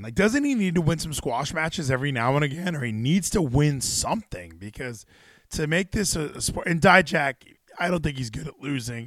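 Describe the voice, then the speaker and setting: A man hosting a casual wrestling chat stream, excitable and rambling. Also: fairly high pitch, no room sound, studio quality. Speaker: stream host.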